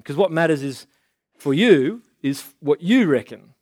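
A man preaching a casual sermon in a conversational way, slowing down to stress key words. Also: on the high side, lively intonation, a little mellow, dry recording, clean studio sound.

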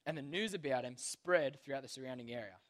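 A man's voice: mid-range voice, fast talker, fairly bright tone. A young man giving a casual, slangy Bible lesson to children, constantly checking in with "okay?". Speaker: youth Bible teacher.

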